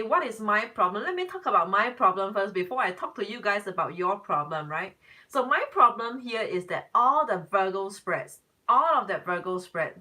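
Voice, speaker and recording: Woman tarot reader, casual live-stream host, bright and tense tone, rambling, exasperated. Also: a little high. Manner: chatty, talks back to viewer comments, rambling restarts; exasperated exclamations.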